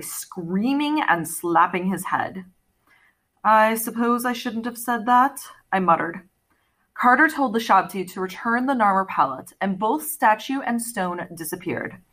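A woman narrates an audiobook with an expressive storytelling manner. Her tone is clear and bright. Her pitch rises and falls a great deal as she acts out the characters. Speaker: audiobook reader.

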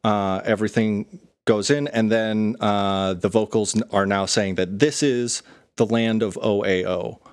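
A man's voice: fairly low pitch, fairly even intonation, a little slow, smooth. A man co-hosting a podcast, casually breaking down a song's chords and parts with many fillers. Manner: analytical, many fillers, talks music theory. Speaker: podcast co-host. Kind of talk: casual music discussion.

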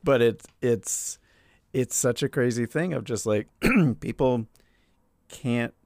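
A man hosting a casual comedy podcast, halting and restarting as he talks, with a dry close sound. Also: medium pitch, a little mellow, no room sound. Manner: halting, restarts often, playful impressions. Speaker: podcast host.

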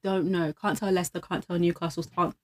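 A woman's voice: fairly low pitch, fairly even intonation, fast talker. Chatty woman telling stories. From London. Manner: chatty, storytelling, laughs often. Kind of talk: casual chat.

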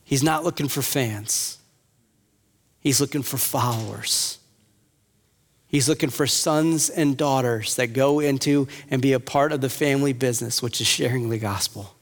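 A man's voice: medium pitch, normal speed. Impassioned male pastor in a reverberant hall. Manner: earnest, rising to impassioned. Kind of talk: sermon. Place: church hall with audience.

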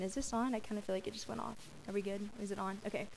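A woman's voice: mid-range voice, steady tone, very fast, vocal fry, darkish tone, slight background noise, rough recording. A young woman giving a youth sermon, praying and reading scripture in a casual, chatty way that laughs off her own slips. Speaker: youth speaker.

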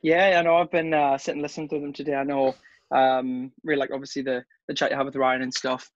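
A man's voice: mid-range voice, level tone, fast talker. Laid-back young man, dull call audio. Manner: laid-back, rambling, says "mate" a lot. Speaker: podcast guest. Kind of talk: casual podcast chat over a video call.

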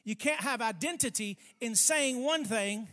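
A man preaching a sermon, speaking emphatically, stretching key words slowly and calling for responses from the congregation. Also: very high-pitched, pushed and bright. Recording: long hall reverb.

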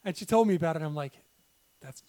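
Man, podcast co-host, high voice, swears a lot, excited storytelling, casual chat. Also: fast, a little hiss or hum.

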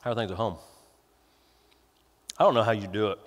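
A man's voice: fairly low pitch, fairly quick, long reverb tail, voice pushed down, lightly acted. A man voicing a sly, sneaky tempter spirit that talks in a chummy, gossipy, wheedling way.

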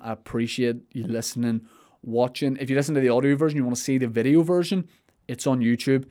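Young male podcast host, mid-pitched, loose and rambling, full of restarts and asides. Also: fast, a little mellow. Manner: rambling, self-interrupting, with restarts and playful asides. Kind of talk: casual chat, answering listener questions.

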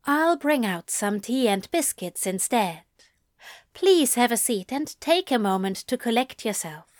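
A woman's voice: fairly high pitch, sing-song, a little slow, no echo, clean studio sound. A woman reading the lines of a polite, fussy male host in a courteous, prim manner.

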